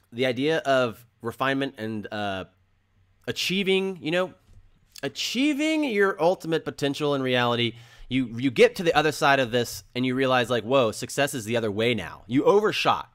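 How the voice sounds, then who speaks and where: A man's voice: medium pitch, fairly bright tone. A man hosting a crypto channel, talking casually and earnestly and repeating phrases for emphasis while he explains with drawings.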